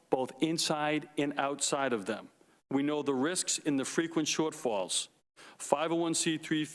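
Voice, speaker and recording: A man testifying as a forensic investigator at a hearing, emphatic and deliberate, repeating his key points. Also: medium pitch. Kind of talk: formal opening statement. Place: hearing room. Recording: long reverb of a hearing room.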